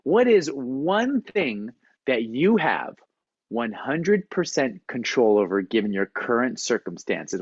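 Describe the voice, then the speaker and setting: A man who is a performance coach, giving a motivational talk on a video call in an animated storytelling manner. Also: mid-range voice, husky, dry recording, highs cut off. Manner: storytelling, animated, acts out quotes. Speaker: performance coach, guest speaker.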